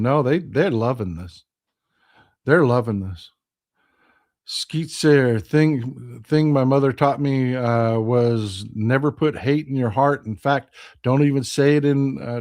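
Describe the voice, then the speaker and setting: A Texan man hosts a casual live stream, reading out viewer comments. His voice sits at an ordinary middle pitch. He talks with passion, rising into loud outrage and then dropping to quiet, hushed replies.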